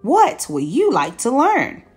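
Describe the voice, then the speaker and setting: A woman voicing a wise owl in a storybook, hooting and calling out in a very high, loud voice. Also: wildly swooping pitch, slow pace, husky, soft background music, heavily acted. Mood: instructive. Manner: hooting, shrill calls.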